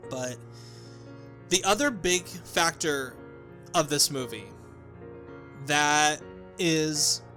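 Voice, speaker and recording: A man's voice: on the high side, pushed and bright. A young man giving a casual, rambling movie review, often restarting his sentences and swearing. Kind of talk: casual spoken film review.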